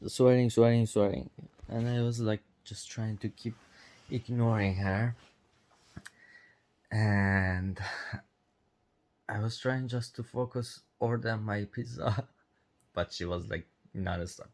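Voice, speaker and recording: A man recounts a run-in in an unhurried, casual way, often chuckling as he goes. His voice is low and mellow, and his English is loose, with non-native grammar. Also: fairly even intonation. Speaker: vlogger. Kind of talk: casual storytelling.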